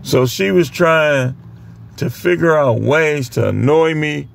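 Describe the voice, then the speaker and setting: A young man casually telling work stories to the camera, animated and full of voice impressions. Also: fairly high pitch, slow pace, vocal fry. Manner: animated, imitates other people's voices mid-story. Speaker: vlogger. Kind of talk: casual storytelling.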